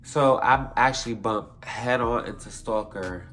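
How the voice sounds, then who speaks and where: A man's voice: medium pitch, unhurried, a bit bright. Young man telling a rambling story. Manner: rambling, profane, self-correcting. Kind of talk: casual storytime vlog.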